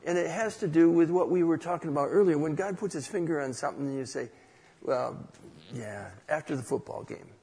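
A man's voice: a little high, gravelly, a little mellow, breathy edge, long reverb tail. A man preaching a conversational sermon, asking rhetorical questions and telling a personal story.

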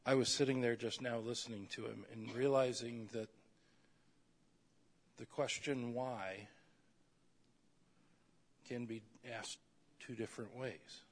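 Husky man preaching with loud acted quotes. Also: mid-range voice, fairly even intonation, takes it slowly, pauses often. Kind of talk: sermon.

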